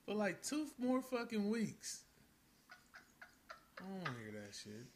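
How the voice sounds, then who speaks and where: A man's voice: sits high, huge pitch swings, a little slow, a little hiss or hum. A young man co-hosting a casual chat, blunt and profane, playing mock-annoyed. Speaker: podcast co-host.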